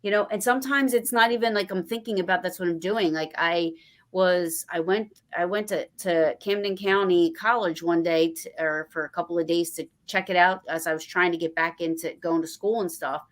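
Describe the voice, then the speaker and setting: A woman's voice: on the low side, normal speed. A woman hosting a podcast, telling stories in casual chat and quoting people along the way. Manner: chatty storyteller, animated quoting of others. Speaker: podcast host.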